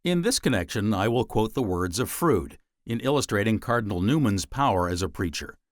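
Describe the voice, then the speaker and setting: A man reads an old book aloud as an audiobook narrator, in a measured and deliberate voice. His pitch rises and falls a great deal as he leans into key words. The sound is dry and close, with no room around it. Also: animated, no room sound. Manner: measured, deliberate reading with dramatic pauses.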